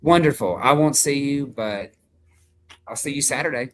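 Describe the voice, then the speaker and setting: A man's voice: medium pitch, normal speed, slight background noise. A man co-hosting a casual live stream, gushing in baby talk and cheering viewers on as he signs off. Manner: gushing baby talk, upbeat sign-offs. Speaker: co-host of a sewing shop live stream. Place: away from the shop, joining remotely.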